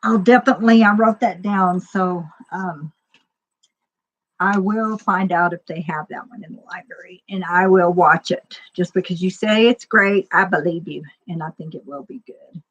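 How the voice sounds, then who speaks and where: A woman's voice: lowish voice, moderate pace, highs cut off. A woman chatting casually as a stream host, rambling and laughing often. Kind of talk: casual chat.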